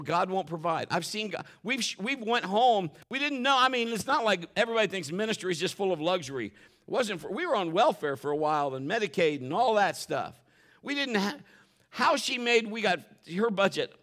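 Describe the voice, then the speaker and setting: A middle-aged male pastor preaching a sermon, telling a story emphatically, with swings from loud exclaims to hushed asides. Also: sits high.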